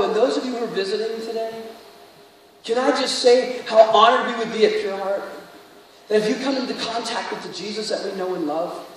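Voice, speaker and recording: A male pastor preaching a dramatic sermon, swinging from hushed tones to shouting. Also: high voice, fairly quick. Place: church sanctuary. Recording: echoey hall from far off, faint noise.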